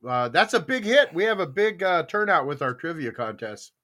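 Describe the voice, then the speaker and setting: An older man hosting a podcast, telling stories in casual chat, animated and laughing, acting out other people's voices. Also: on the high side, normal speed. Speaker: podcast host.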